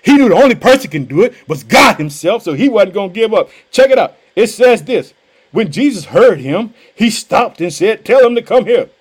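Fired-up high-voiced male preacher. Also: big pitch swings, normal speed, husky. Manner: fervent, exclaims "hallelujah" often, casual street phrasing. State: pumped up. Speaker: podcast preacher. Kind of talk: energetic preaching sermon.

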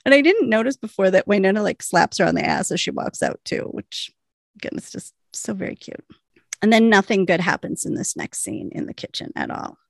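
Gravelly-voiced woman recapping a show. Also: mid-range voice, big pitch swings, fairly quick, no room sound, studio quality. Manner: rambling, many fillers, laughs often. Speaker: podcast co-host. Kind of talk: casual recap chat.

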